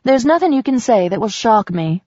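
A frank, earnest woman therapist, speaking with calm directness, as the woman narrator reads her. The audio is dry and slightly muffled. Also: a little high, normal speed, no room sound, pitched above the performer's own voice.

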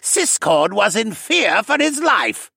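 A man's voice: high voice, sing-song, slow pace, vocal fry, pushed and bright, slightly rough, dry recording, studio quality, pitched above the performer's own voice, exaggerated voice. A man voicing an arrogant, cruel male chamberlain who hisses and screeches. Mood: gloating. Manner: screeching, snake-like hiss.

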